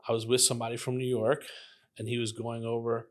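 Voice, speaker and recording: A man's voice: medium pitch, fast talker. A man in his fifties from Los Angeles, a graffiti artist telling stories as a guest and acting out the voices of the people in them. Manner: animated storyteller who acts out the voices of people in his stories. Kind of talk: casual storytelling interview.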